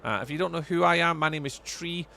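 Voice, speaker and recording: Fast and gravelly, a young man's slightly high, sharp voice carries an Edinburgh-area Scottish accent. He chats casually during a game livestream, reading out his chat and repeating phrases.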